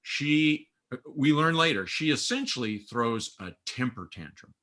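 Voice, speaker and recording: Animated man with a bright, forceful voice. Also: unhurried. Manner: lively, acts out quoted voices with big pitch swings. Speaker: guest, runs a training school. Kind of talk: animated podcast storytelling.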